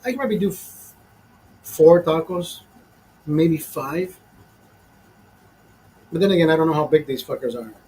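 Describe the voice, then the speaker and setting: A man's voice: a little high, expressive, measured pace, pauses often, dark tone, poor audio. Profane fifty-year-old man ranting. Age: 50s. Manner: profane, exasperated, rambling. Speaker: show host. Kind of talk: casual storytelling rant. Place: small studio.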